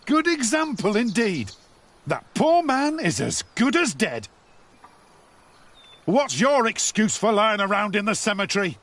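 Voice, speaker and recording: A man's voice: sits high, very animated, a little slow, long pauses, exaggerated voice. An actor playing a grumpy, hard-working male builder in a game, who nags and bickers. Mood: grumbling. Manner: nagging, bickering, prone to shouting. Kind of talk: game voice acting.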